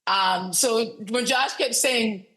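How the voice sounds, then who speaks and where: A woman's voice: a little high, slow, sharp tone, slightly rough, poor audio. A woman, a film producer and director, guesting on an interview podcast, talking in a rambling casual way with many fillers and restarts. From United States, raised as military kid.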